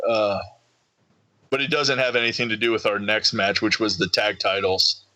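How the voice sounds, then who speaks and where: A man co-hosting a casual podcast chat, telling an excited story and acting out the voices of people around him. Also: fairly low pitch, normal speed, no room sound, rough recording. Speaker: podcast co-host.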